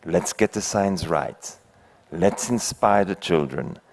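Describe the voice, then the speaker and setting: A man's voice: sits low, slow, a little mellow, a little hiss or hum. An older man from Belgium, not an English speaker, giving a conference talk and telling a fable with rhetorical questions to the audience. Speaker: keynote speaker. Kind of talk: conference speech with a told fable. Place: conference hall.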